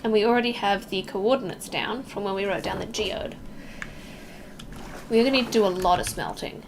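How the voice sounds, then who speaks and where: A woman's voice: mid-range voice, moderate pace, slight background noise. A young woman from Melbourne with an Australian accent, chatting casually with viewers while streaming a game, reacting aloud and joking at her own expense.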